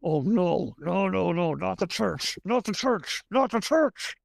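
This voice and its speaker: A woman's voice: lowish voice, takes it slowly, gravelly, no echo, studio quality. A woman game master voicing a flustered, apologetic husband in a tabletop game. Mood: alarmed.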